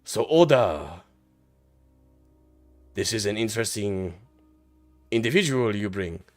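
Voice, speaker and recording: A man's voice: fairly low pitch, lively intonation, slow, no room sound, faint music behind. A man voicing a formal male feudal lord at a gathering, speaking stiffly.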